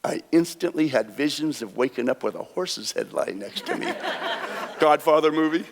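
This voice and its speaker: A man with a fairly high voice spins folksy tales while working cards live on a theater stage. He chuckles at his own punchlines, and his words ring out with the long reverb of a big hall. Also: lively intonation, moderate pace, gravelly. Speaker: stage card magician. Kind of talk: live stage storytelling with card tricks. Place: theater stage before an audience.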